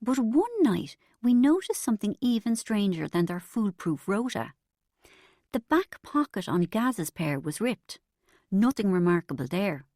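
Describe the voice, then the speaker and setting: A woman's voice: mid-range voice, warm tone, no echo, studio quality. A woman reading a comic novel aloud as an audiobook narrator, in a wry storytelling manner.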